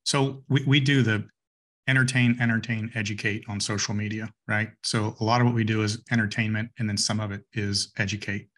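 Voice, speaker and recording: A man who is a guest on a podcast, telling stories from his sales work in a relaxed, conversational way with quick restarts. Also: fairly low pitch. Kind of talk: casual interview chat.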